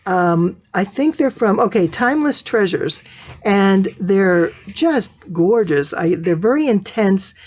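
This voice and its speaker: A woman's voice: medium pitch, expressive, takes it slowly, a little mellow, muffled recording. A woman teaching quilting in a casual tutorial, chatting and thinking aloud as she sorts fabric.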